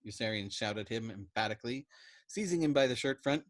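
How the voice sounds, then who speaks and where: Casting: male storyteller, expressive narration with a lively, swinging pitch. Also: a little fast, no room sound. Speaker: storytime host reading a novel. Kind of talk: expressive book reading.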